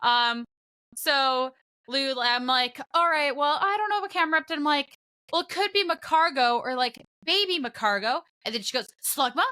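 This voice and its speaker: A young woman with a high, bright voice recounts a story in casual podcast chat. She talks animatedly and keeps breaking into laughter. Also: normal speed, clear, resonant tone. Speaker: podcast co-host and broadcast commentator.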